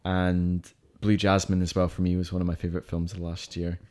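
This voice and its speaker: Listing off films he liked and disliked, a podcast co-host chats eagerly and casually, padding his talk with fillers. His low, mellow voice comes out completely flat and a little fast.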